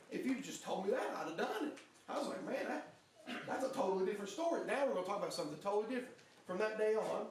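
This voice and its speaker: Young guy preaching, kinda high voice, chatty storytelling, lots of restarts, big echoey church, mic far off. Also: gravelly, a little hiss or hum. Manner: earnest storytelling, conversational, with frequent restarts. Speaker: pastor. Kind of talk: sermon with personal story. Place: church sanctuary.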